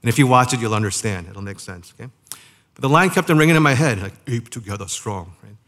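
A man preaching a sermon in a conversational way, asking the listeners rhetorical questions and slowing down to stress key phrases. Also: mid-range voice, expressive, fairly bright tone. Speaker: pastor.

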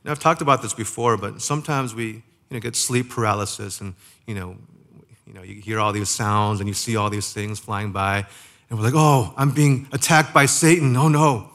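A man preaching a sermon in a conversational way, asking the listeners rhetorical questions and slowing down to stress key phrases. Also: lowish voice, steady tone, creaky, pushed and bright. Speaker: pastor.

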